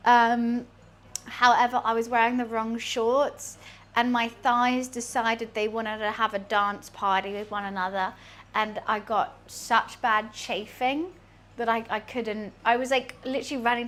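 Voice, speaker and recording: A woman's voice: on the high side, a bit bright. A young British woman streaming, chatting casually and rambling while she cooks, laughing often. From United Kingdom.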